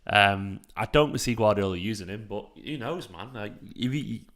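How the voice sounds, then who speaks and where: A man hosts a live football watchalong in a relaxed, sweary chat style, replying to viewers by name. His voice sits fairly low and carries a gravelly rasp. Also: normal speed. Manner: casual and sweary, reading out chat messages. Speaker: fan channel host.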